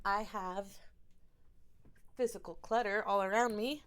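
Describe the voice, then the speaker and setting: A woman, an oracle card reader, gently and earnestly talking viewers through a ritual in a small home studio in her bedroom. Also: medium pitch, creaky, smooth. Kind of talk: casual guided ritual talk.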